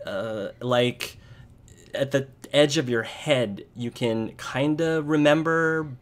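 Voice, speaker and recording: Male game master, halting, describes scenes, middle pitch. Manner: hesitant, with many restarts and fillers. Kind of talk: narrating a tabletop game online.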